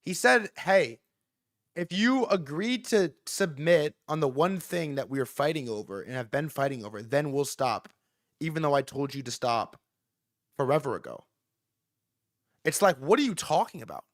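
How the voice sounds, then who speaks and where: A man hosting a live stream, reacting to news in excitable, profane commentary and repeating words in rapid bursts. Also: on the high side, no room sound, studio quality. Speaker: livestream host.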